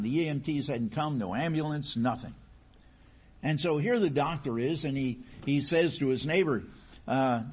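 A male preacher with a husky voice delivers a sermon through a long story. He restarts phrases often and asks the listeners question after question. The recording is slightly dull and muffled. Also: mid-range voice.

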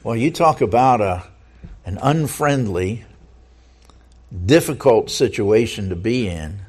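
A man's voice: on the low side, lively intonation, slow, darkish tone, slightly rough. A man preaching a sermon, reading scripture aloud and asking the listeners earnest rhetorical questions, often stumbling and repeating words as he goes.

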